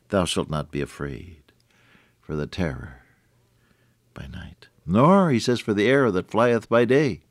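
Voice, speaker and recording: A man's voice: fairly low pitch, sing-song, unhurried, no room sound, clean studio sound. An older man giving a folksy radio sermon, chatty with frequent restarts and chuckles. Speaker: radio preacher.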